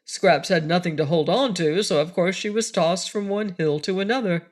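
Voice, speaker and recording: A woman voicing a kindly elderly male wizard in a storybook reading, speaking in a measured, explaining way. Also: lowish voice, close to an everyday voice. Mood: earnest.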